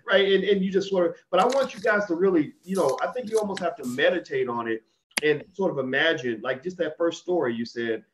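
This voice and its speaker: A man's voice: fairly high pitch, lively intonation, a little fast, a little hiss or hum. A man hosting an interview, speaking in a reflective, thoughtful way. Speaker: host. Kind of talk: interview talk. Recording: dull lo-fi recording.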